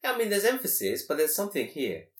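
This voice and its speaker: A man whose voice sits a little high and swoops wildly in pitch leads a Quranic grammar lesson in an echoey room. He keeps asking rhetorical questions and rattles off quick Arabic recitations as he explains.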